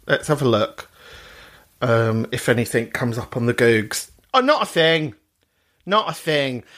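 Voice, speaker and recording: A podcast host in casual, crude chat, answering listener messages with theatrical camp. His pitch swings wildly from low grumbles up to high squeals. He is playful and mocking throughout. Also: pushed and bright.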